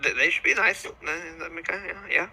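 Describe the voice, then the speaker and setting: A man playing a tabletop game, describing his character haltingly with many restarts. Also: fairly high pitch, expressive, bright, forceful tone, husky, poor audio. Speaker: player.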